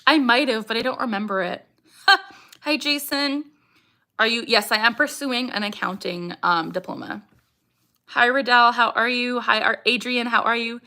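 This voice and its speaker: A woman's voice: a little high, moderate pace, bright, forceful tone. A young woman from Canada hosting a casual livestream, chatting with viewers and reading out comments, with vocal tics breaking into her speech. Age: young adult. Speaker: livestream host.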